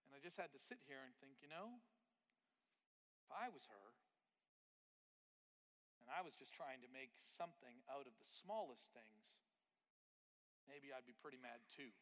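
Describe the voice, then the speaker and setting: A man preaching a sermon and telling a story in an animated way, at times acting out his sister's words. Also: medium pitch, normal speed, pauses often. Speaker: pastor. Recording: long hall reverb.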